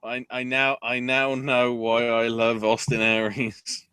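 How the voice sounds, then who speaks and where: A man co-hosting a casual wrestling recap podcast, excitable and profane, often laughing. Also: mid-range voice, takes it slowly, smooth, no echo. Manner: excitable, profane, breaks into laughter and mock voices. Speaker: podcast co-host.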